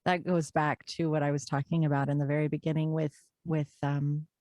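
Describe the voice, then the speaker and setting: A woman's voice: low voice, little pitch movement, mellow, dry recording. A woman guest on an interview podcast, talking earnestly and encouragingly, stretching out key words. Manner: earnest, encouraging, drawn-out emphasis. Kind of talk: conversational interview.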